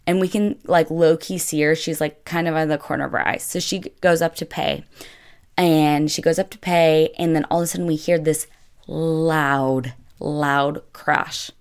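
Young girl with a low voice, chatty, says like a lot, telling a travel story. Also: steady tone, moderate pace, clean tone. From United States. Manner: chatty, filler-heavy with constant "like". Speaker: vlogger. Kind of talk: casual storytelling.

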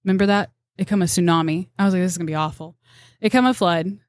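Gal rambling thru tracking stories, laughs a lot, acts out the quotes, dry mic. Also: female voice, fairly low pitch, fairly even intonation, quick pace, no echo. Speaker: deer tracker, podcast guest. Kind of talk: casual storytelling chat.

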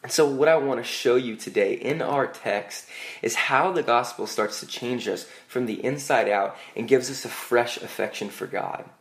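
A man's voice: medium pitch, normal speed. Casual young male preacher telling stories. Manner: conversational, self-deprecating storytelling with frequent "like" and restarts. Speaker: pastor. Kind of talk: sermon.

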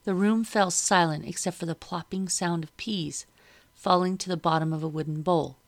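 A woman reading a first-person novel aloud as audiobook narrator, steady and measured. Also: lowish voice.

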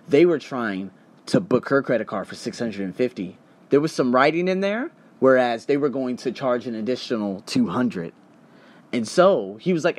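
A young adult man hosting a podcast, telling a story as a casual, profane rant and acting out the other people in it. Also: medium pitch. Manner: animated, profane, acts out other people's voices. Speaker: podcast host.

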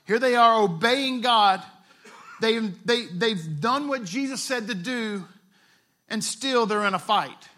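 Male pastor, high and bright voice, chatty sermon delivery with jokey asides. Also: slow pace. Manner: conversational, retells scripture with playful asides.

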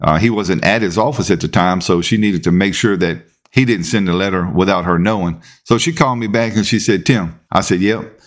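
A man's voice: deep voice, fairly quick, hardly any pauses. A man who hosts a podcast, telling a long personal story in a casual way and acting out the quoted dialogue. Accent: Southern US. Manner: animated, acts out quoted dialogue. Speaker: podcast host and police officer.

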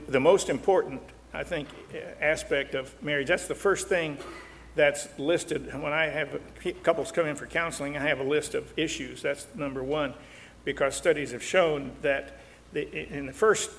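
A man's voice: a little high, steady tone, a little slow, vocal fry, fairly bright tone, big-room sound, slight background noise. An older man and marriage counselor teaching in a folksy, joking way, acting out little quotes. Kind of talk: talk show teaching.

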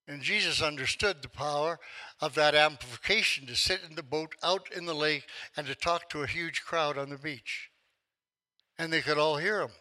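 Older male pastor, 70s, storytelling sermon voice, slightly high and very bright. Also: rough recording. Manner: storytelling, acts out quotes with rising force.

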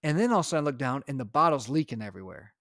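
A young adult man co-hosting a casual podcast, recounting a chaotic day with animated storytelling. His voice sits at a middle pitch and is recorded dry and close, with no room sound. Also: very fast, no echo. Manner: animated storytelling, acts out his own lines. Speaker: podcast co-host, father. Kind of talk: casual chat.

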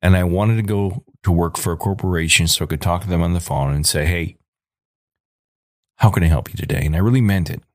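A man in his forties with a low voice rants hard as a podcast host. He is angry and emphatic, hammers his points home by repeating them, and is recorded in a dry, close setting. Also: a little fast, no echo. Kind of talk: ranting monologue.

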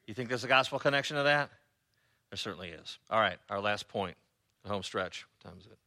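A man preaching a sermon as pastor, conversational and sarcastic, often pausing on fillers. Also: on the low side, animated, bright, forceful tone.

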